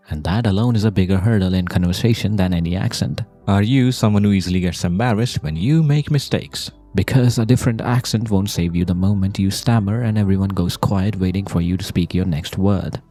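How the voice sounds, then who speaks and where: A man from India with a light Indian accent delivering scripted commentary, deliberate and emphatic, full of rhetorical questions. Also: low-pitched, warm tone. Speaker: video essayist.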